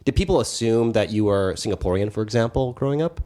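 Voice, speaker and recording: This is a man with a low-pitched voice who hosts a casual podcast. He asks loose, leading questions and teases his guest in a joking tone. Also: animated, quick pace, warm tone. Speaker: podcast host.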